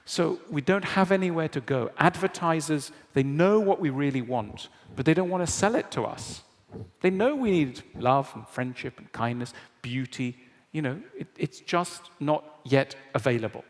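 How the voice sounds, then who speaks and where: A man lecturing to a live audience in a large hall, his voice a little higher than most men's and trailing off in a long reverb. He talks in a wry, conversational way, tossing in quick tag questions. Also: expressive. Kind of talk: public lecture.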